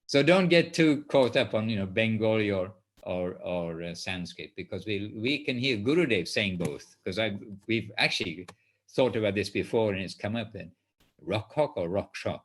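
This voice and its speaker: A man with a fairly low voice teaches a class over a call. He answers gently and reassuringly, often pausing and restarting as he explains. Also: animated. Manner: soft-spoken, reassuring, hesitant with fillers. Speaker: spiritual teacher leading a class.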